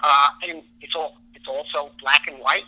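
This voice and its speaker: A man's voice: on the high side, little pitch movement, moderate pace, bright, forceful tone, poor audio. A man speaking as a podcast guest, explaining brain science through everyday stories from his own life. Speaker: podcast guest, relationship expert. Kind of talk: podcast interview.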